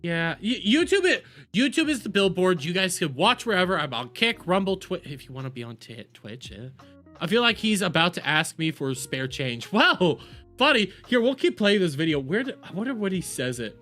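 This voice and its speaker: A man streaming a reaction video, talking casually with profanity and mockery, jumping from shouts to low mutters. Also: very animated, normal speed, soft background music. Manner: loud, profane, mocking, swings between shouts and mutters. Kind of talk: casual livestream reaction commentary.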